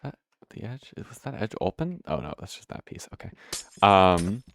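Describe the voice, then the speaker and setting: Deep-voiced man rambling through gameplay. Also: sing-song, moderate pace, creaky, slight background noise. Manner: rambling, self-correcting, swears casually. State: hiccuping. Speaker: gameplay video host. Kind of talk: casual gameplay commentary.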